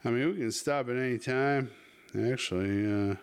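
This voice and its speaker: A man's voice: mid-range voice, moderate pace, clear, resonant tone. A man hosting a podcast, telling a crude story in a rambling, casual way with lots of swearing. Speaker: podcast host.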